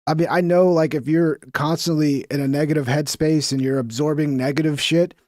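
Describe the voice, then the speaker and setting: A man's voice: a little high, steady tone, a little fast, a little mellow, dry recording, clean studio sound. A man hosting a stream, chatting casually and rambling with slangy asides while reacting to clips. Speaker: streamer host.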